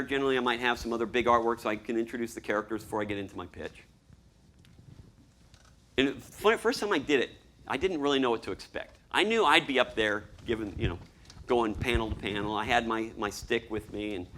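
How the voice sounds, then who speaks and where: Animated man acting out his stories. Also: medium pitch, fairly quick, a little hiss or hum. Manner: animated, acts out scenes and voices. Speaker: storyboard artist giving a talk. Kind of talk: lively presentation to an audience.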